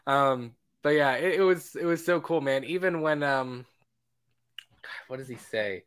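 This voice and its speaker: A young man co-hosting a casual movie review podcast, excitedly retelling scenes. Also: mid-range voice, measured pace, clear, resonant tone. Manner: excited, quotes scenes with laughter. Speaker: podcast co-host.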